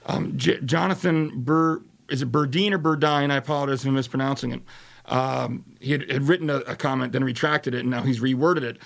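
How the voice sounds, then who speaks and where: Gravelly male host, halting and conversational. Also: medium pitch. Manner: hesitant, restarts, thinks aloud. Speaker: talk show host. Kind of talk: casual panel discussion.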